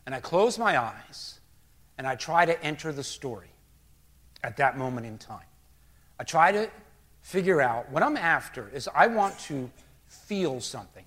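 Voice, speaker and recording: An older male pastor preaching a sermon through a story, animated and acting out quotes as he goes. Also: on the high side.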